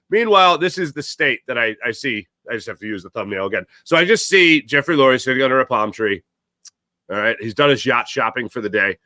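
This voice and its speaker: Bright, opinionated male sports talk host. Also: sing-song, brisk, no echo, clean studio sound. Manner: rambling and opinionated, with many fillers and self-corrections; gets louder and higher when worked up. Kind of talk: solo sports talk commentary.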